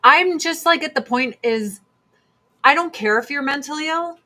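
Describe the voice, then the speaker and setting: A woman's voice: high-pitched, animated, moderate pace, pushed and bright. A woman hosting a casual monologue chat, blunt and emphatic, repeating her points for force. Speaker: host.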